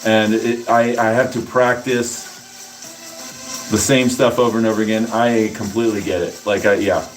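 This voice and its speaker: A man's voice: fairly low pitch, flat delivery, normal speed, soft background music. A man casually explaining nutrition to his livestream chat between workout sets, rambling and joking with viewers. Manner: rambling, answers chat, jokey asides. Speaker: fitness streamer.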